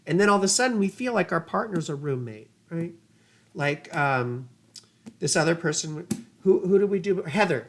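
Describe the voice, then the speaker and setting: A woman astrologer giving casual livestream chart readings, rambling and chatty with laughing asides and casual swearing. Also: on the low side.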